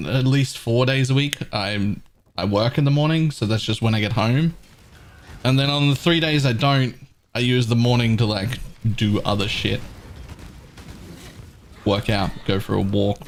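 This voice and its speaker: A man's voice: mid-range voice, a little hiss or hum. An Australian man streaming live, chatting with viewers in a rambling, sarcastic way and swearing casually.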